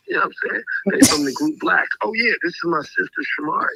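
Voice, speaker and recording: Gravelly man telling a lively story. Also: on the high side, fairly quick, no room sound, poor audio. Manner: animated storyteller, acts out quoted voices. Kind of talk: casual storytelling chat.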